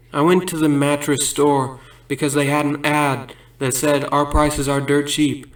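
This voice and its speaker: A man with a fairly high voice rattles off corny stand-up jokes as rambling little stories, breaking into laughter at his own punchlines. He sounds far from the mic, in a roomy, echoey space. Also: animated, takes it slowly. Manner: rambling absurd storytelling. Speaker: comedian. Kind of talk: stand-up joke telling.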